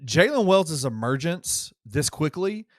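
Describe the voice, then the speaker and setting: A man's voice: on the high side, big pitch swings, unhurried, no echo, clean studio sound. A man hosting a sports podcast in casual conversation, often restarting his sentences. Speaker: podcast host.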